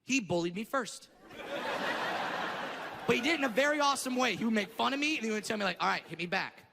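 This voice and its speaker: A brash male stand-up comedian with a high, gravelly voice works a big theater on a handheld mic. He swings between profane storytelling and shouted rants. His voice rings through a long hall reverb over a loud, laughing crowd. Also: expressive, quick pace, noisy background. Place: large theater stage.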